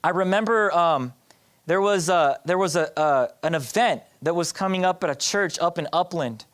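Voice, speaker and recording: A man's voice: a little high, normal speed. A man giving a personal testimony in church, talking conversationally with the audience and often restarting his sentences. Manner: conversational, addresses the audience directly; hesitant restarts with fillers.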